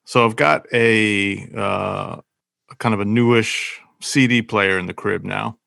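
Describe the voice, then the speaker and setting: A man co-hosting a podcast who asks questions in a measured, conversational way. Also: lowish voice, steady tone, vocal fry, pushed and bright, dry recording, clean studio sound. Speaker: podcast co-host. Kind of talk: casual podcast chat.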